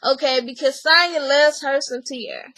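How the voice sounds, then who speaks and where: Bright, gossipy woman hosting a casual recap, dry close sound. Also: high-pitched, steady tone, normal speed, no room sound. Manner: chatty, gossipy, acts out quotes. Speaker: recap vlogger. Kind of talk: casual reality-show recap.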